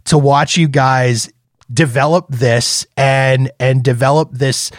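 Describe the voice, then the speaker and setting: A man's voice: medium pitch, fairly even intonation, slow, no echo, studio quality. A man hosting a casual interview, upbeat and asking rambling questions. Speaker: podcast host.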